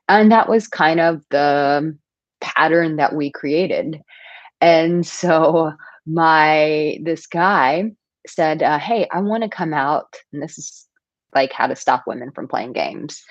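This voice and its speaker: Casting note: woman, 30s, dating coach, low and lively, dry muffled sound. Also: no room sound. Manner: animated storytelling, playful asides. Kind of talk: casual advice talk to camera.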